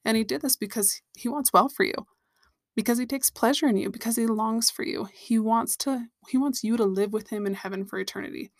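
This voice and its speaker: A woman's voice: on the high side, fairly quick, vocal fry, dry recording, clean studio sound. A woman hosting a Christian podcast, sharing a personal story and teaching in an earnest, direct way to her listeners.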